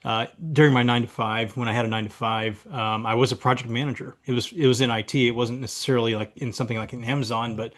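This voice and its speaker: Fast-talking, agreeable man on a podcast. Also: mid-range voice, flat delivery, fairly bright tone. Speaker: podcast co-host. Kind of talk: casual podcast chat.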